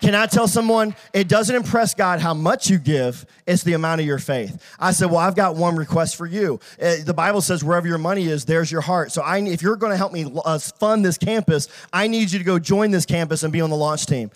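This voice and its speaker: A middle-aged man pastor preaching a sermon, telling a story and rising to shouted praise. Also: fairly high pitch, fairly quick, hardly any pauses.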